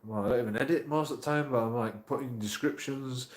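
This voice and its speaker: Background noise sits under this man's medium-pitched, quick speech, which echoes as if in a roomy space. He's a YouTube auditor vlogger in an emotional, rambling monologue, full of swearing and repetition.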